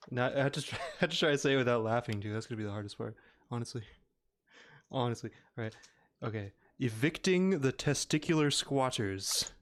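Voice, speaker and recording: A man co-hosting a casual podcast, laughing often as he chats. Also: medium pitch. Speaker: podcast co-host. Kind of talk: casual chat.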